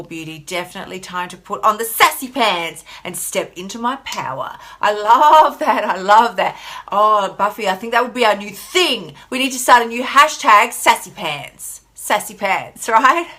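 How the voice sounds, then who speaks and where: A woman's voice: medium pitch, unhurried, pushed and bright. An Australian woman hosting a motivational live stream, talking in a sassy, emphatic way and reading viewer comments aloud. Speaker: life coach host.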